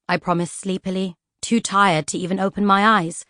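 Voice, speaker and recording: A woman narrating a children's fantasy audiobook in an expressive storytelling style. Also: mid-range voice, moderate pace, no room sound, clean studio sound. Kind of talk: scripted children's book narration.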